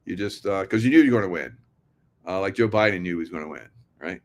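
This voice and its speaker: A man's voice: sits low, fast talker. Rambling sarcastic man vlogging. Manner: rambling, sarcastic, laughs often, talks to "guys". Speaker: political commentary vlogger. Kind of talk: casual monologue to viewers.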